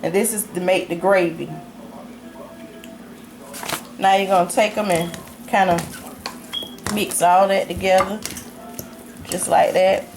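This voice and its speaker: Cooking in a noisy kitchen where dishes and pans clatter, a woman casually shows viewers how to make a home recipe. She has a mid-range, steady voice and takes her time, leaving long pauses.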